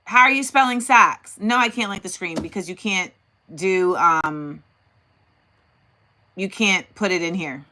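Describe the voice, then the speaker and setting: A woman's voice: lowish voice, a little slow, pauses often, bright, forceful tone, slight background noise. A woman hosting a casual livestream, thinking aloud and talking directly to her chat. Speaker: host.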